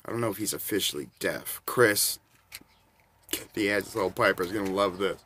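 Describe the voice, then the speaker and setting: A man's voice: low-pitched, moderate pace, fairly bright tone, a little hiss or hum. A man in his forties telling rambling, casual anecdotes and chuckling between bits. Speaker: storyteller.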